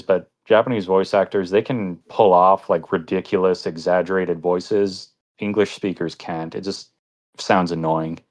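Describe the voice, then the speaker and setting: A young man co-hosting a podcast, reviewing an anime in casual chat, rambling and laughing often. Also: sits low. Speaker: podcast co-host.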